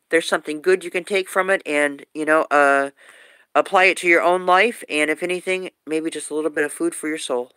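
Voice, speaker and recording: A woman's voice: sits low, fairly even intonation, fairly quick, a bit bright, smooth, no echo. Chatty woman vlogger in a dry room. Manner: chatty, rambling, affectionate. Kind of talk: casual livestream chat.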